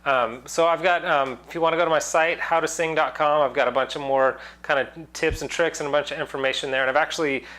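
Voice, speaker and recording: A man's voice: a little high, fairly even intonation, fast, few pauses, fairly bright tone. A man teaching singing in a casual online lesson, explaining loosely with many fillers and breaking into sung demonstrations.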